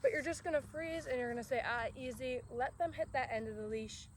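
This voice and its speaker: A woman dog trainer explaining commands outdoors in a relaxed way, breaking off to give short commands to her dog. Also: sits high, brisk. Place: outdoors in a grassy yard. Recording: outdoor recording with crickets and background noise.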